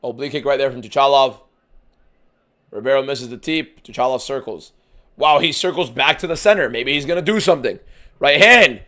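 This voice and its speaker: A man streaming a fight watchalong, giving casual, profane live commentary that swings from shouting to muttering. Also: medium pitch, brisk.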